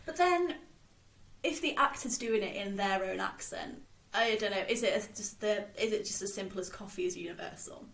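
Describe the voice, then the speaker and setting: A woman co-hosting a podcast, chatting casually about a play, animated and quick to laugh. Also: medium pitch, vocal fry. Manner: animated, laughs often, reads lines aloud. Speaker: podcast co-host. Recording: roomy echo.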